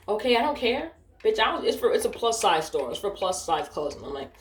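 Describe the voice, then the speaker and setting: A young woman from Ohio vents about an old job in a loose, profane storytime. She jumps up in pitch to act out the people she quotes. Her voice has a medium pitch and rings in an echoey room. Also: fast. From Ohio, United States. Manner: animated, profane, acts out quoted voices higher. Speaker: vlogger. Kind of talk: casual storytime rant.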